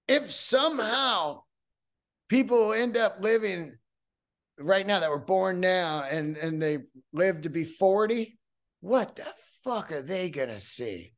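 Man, 50s, high voice, podcast host, profane rambling monologue. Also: lively intonation, slow pace.

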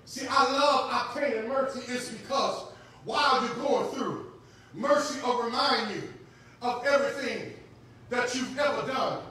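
A man preaching a sermon as guest pastor, calling out to the congregation and building to shouted climaxes. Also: very high-pitched, unhurried. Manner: repeats phrases for emphasis. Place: church sanctuary. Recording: very echoey church hall, voice from far off, music behind.

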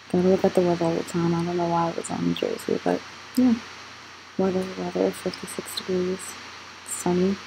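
Slow, gravelly-voiced young woman vlogger. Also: medium pitch, dark tone, slight background noise, rough recording. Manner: rambling, questions her own scrolling. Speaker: channel host. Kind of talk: casual screen walkthrough vlog.

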